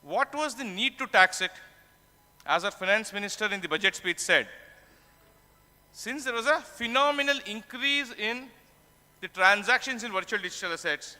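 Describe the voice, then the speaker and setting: Bright-voiced man lecturing in a reverberant hall. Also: high-pitched, lively intonation, normal speed, pauses often. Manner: explanatory, asks and answers his own questions. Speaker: tax conference speaker. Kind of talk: conference lecture. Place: conference hall.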